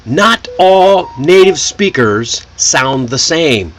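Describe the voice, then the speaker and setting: A man's voice: fairly high pitch, slight background noise. A man from Texas, teaching an online English pronunciation lesson. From Texas, United States. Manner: slow, lively, animated delivery.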